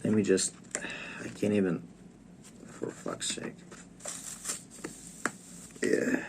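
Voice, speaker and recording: Crude, swearing man ranting in a low voice. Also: steady tone, takes it slowly, pauses often, dark tone, a little hiss or hum. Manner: crude, profane, stammering restarts, lecturing. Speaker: comedic vlogger. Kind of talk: comedic rant to camera.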